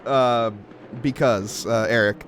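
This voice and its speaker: A man's voice: medium pitch, fairly even intonation, slow, a bit bright, slight background noise. A man co-commentating a sim race in a dry, teasing way. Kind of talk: casual live race commentary.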